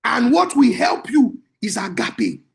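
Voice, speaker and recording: A man, a marriage coach teaching in an emphatic, repetitive preaching style that breaks into shouts. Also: very high voice, wildly swooping pitch, measured pace, gravelly.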